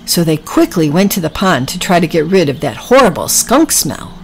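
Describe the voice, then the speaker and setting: A woman narrating a children's story with gentle, drawn-out emphasis. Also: lowish voice, sing-song, low-quality recording.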